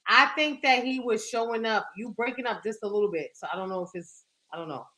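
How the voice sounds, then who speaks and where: A woman's voice: fairly high pitch, fast talker, pushed and bright, poor audio. A young woman co-hosting a podcast, telling a dating story in candid, profane casual chat that is full of "like". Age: young adult. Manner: candid and profane, heavy use of "like". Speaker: podcast co-host.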